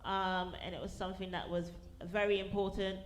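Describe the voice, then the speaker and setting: A woman's voice: mid-range voice, level tone, brisk. Sassy woman doing stand-up. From London. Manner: sassy, punchy delivery. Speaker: stand-up comedian. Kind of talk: stand-up set. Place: comedy venue with small audience. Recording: echoey live venue, faint noise.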